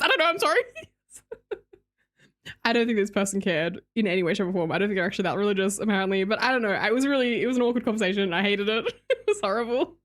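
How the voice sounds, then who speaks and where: A woman's voice: mid-range voice, lively intonation, quick pace. A young Australian woman streamer chatting casually with her viewers, reading their messages aloud and laughing often. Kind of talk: casual chat with live chat readers.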